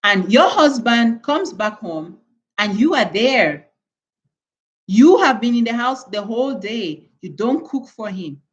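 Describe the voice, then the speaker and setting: A woman's voice: on the high side, animated, slow, muffled recording. A woman from Cameroon hosting a live stream, lecturing her viewers in an emphatic way and repeating words for stress. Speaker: channel host.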